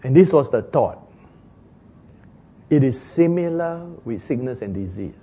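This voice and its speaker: Male pastor, husky voice, lively sermon storytelling, thin phone-line quality. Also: medium pitch, measured pace. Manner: storytelling, acting out quoted dialogue with sudden loud shouts. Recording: tinny phone-like sound.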